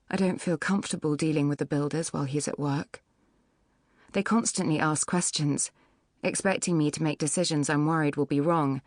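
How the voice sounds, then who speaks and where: A woman narrating a novel in the first person with a measured, even storytelling delivery. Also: sits low, no echo, studio quality. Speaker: audiobook narrator. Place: recording studio.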